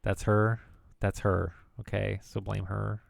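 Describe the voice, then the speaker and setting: Gravelly-voiced male streamer riffing jokily. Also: lowish voice, level tone, slow pace, dry recording. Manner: rambling and jokey, riffing on words. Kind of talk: casual live-stream chat.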